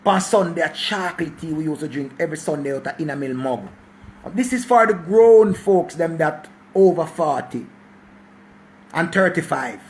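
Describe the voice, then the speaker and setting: A Jamaican man in his forties giving a preachy life talk in a mix of patois and English, repeating himself and swearing. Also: on the high side. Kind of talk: passionate casual monologue.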